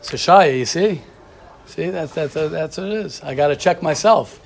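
Brief: male class teacher, animated storyteller, slightly high voice, casual lecture delivery. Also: normal speed, creaky, background noise. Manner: animated storyteller, addresses students by name. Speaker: teacher of a religious study class.

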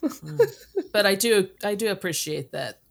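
A woman co-hosting a podcast in casual chat, agreeable and quick to laugh. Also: mid-range voice, creaky. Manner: laughs often, agreeable interjections. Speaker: podcast co-host.

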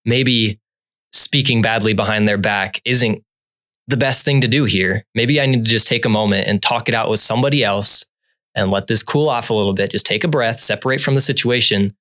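Lower-voiced man reflecting on faith. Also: normal speed, pushed and bright. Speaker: podcast co-host. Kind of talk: Bible study discussion.

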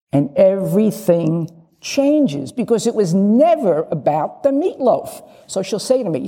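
A woman's voice: lowish voice, big pitch swings, normal speed, creaky, warm tone. An older woman giving a candid, humorous dharma talk as a lay Zen teacher, acting out little dialogues. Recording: long reverb of a large hall.

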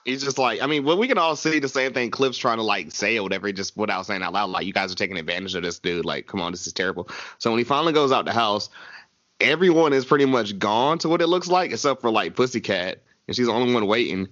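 Male co-host, lively swearing storyteller, dry muffled sound. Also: fairly low pitch, quick pace, no room sound. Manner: animated storyteller, swears freely. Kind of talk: casual movie recap.

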